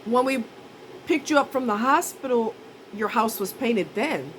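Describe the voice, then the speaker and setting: An amused woman friend, disbelieving and teasing, her voice sitting a little high, as a storyteller quotes her. She sounds close to her own everyday tone. A faint hum runs underneath. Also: animated, unhurried, poor audio.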